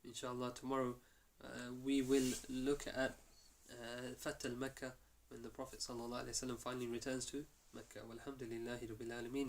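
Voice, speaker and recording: A male teacher tells a story to his class, acting out each quoted line with energy. His voice sits at a medium pitch. The lesson is recorded in a mosque. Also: flat delivery, quick pace, few pauses, a little hiss or hum.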